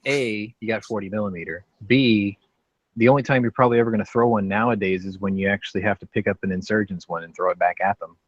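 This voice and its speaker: A man chatting bluntly and crudely in a casual online call. His voice sits on the low side, and the audio comes through dull and lo-fi. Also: fairly even intonation, quick pace.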